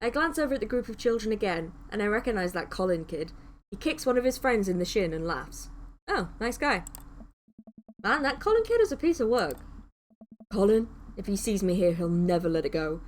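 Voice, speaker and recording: A woman's voice: mid-range voice, sing-song, a little fast, a little hiss or hum. A woman streaming a game live, reading its text aloud and gushing thanks to viewers.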